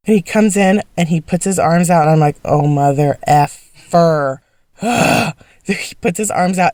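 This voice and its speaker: A woman's voice: on the low side, dry recording, studio quality. A woman telling a personal story in a casual, emphatic way, speaking as an interview guest. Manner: emphatic, animated, fast-talking.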